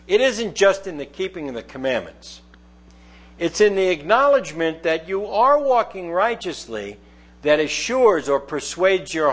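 A man's voice: sits high, fairly bright tone. Man teaching a conversational Bible sermon. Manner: conversational, explains verse by verse, reads scripture aloud. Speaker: preacher.

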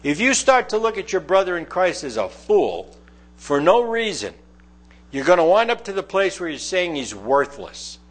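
A man's voice: high voice, very animated, moderate pace. A middle-aged man preaching a conversational sermon, reading scripture aloud and explaining it verse by verse. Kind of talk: sermon, Bible teaching.

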